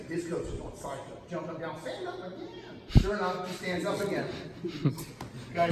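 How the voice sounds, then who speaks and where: Telling a story at camp, a middle-aged male wrestling coach sounds animated and emphatic, calling his listeners "guys" again and again in a slightly high voice. A camera captures him from far away in a large, cavernous gym hall full of echo, with constant room noise beneath him.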